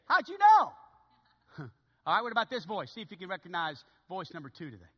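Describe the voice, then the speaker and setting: Male pastor, animated sermon, bright voice, wide swinging pitch. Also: brisk, big-room sound. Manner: animated preaching, swinging from loud to hushed. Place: church sanctuary.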